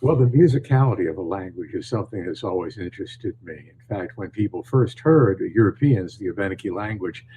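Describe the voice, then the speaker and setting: An older man from northern New York, a storyteller answering interview questions in a calm, measured way. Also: deep voice, a little hiss or hum, poor audio. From northern New York, USA. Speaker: storyteller and author, guest. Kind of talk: podcast interview.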